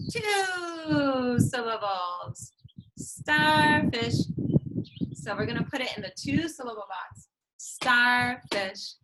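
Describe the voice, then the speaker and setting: A woman speech therapist teaching preschoolers, talking in a sing-song, drawn-out way and clapping out syllables. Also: fairly high pitch, background noise. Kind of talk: slow, sing-song teaching to young children.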